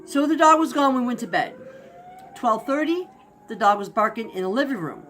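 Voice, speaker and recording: A woman telling a spooky personal story in a casual, animated way, acting out barks and shouts. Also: a little high, moderate pace, slight background noise. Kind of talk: casual spoken ghost story.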